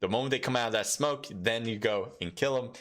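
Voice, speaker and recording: A man casting a live mobile esports match solo, chatty and rambling, with lots of fillers and sudden bursts of excitement. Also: medium pitch, a little fast, very noisy. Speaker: esports caster and streamer. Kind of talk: solo live game commentary.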